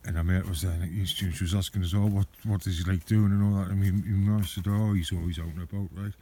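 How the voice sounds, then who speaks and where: A man's voice: deep voice, fairly even intonation, quick pace, dark tone. Foul-mouthed man in the woods. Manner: blunt, swears heavily, storytelling. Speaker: outdoor vlogger. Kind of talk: casual chat walking in woods. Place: woodland outdoors. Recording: faint background noise outdoors.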